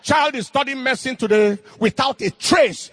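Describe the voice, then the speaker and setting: A middle-aged man preaching a fervent sermon in King James cadence, rising into shouted bursts. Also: extremely high pitch, moderate pace.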